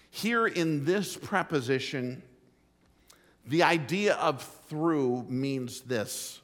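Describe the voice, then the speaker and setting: A middle-aged man preaching a sermon as pastor, telling a folksy story with emphatic, drawn-out phrasing. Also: fairly high pitch, fairly bright tone. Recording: long hall reverb.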